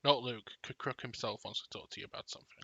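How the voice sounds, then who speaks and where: A man's voice: mid-range voice, fairly even intonation, fast talker, sharp tone, slightly rough, no room sound. A man voicing a weary young woman Jedi troubled by visions, talking hesitantly in a tabletop role-play. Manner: hesitant, restarts sentences.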